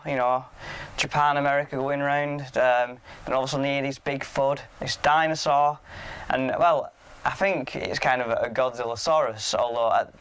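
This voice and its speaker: A young man talks through a film's plot in a loose, rambling way. He swears freely and often sounds mock-incredulous. His voice is smooth and clear, at a middling pitch. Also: fairly bright tone. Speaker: podcast host reviewing a film. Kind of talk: casual film recap chat.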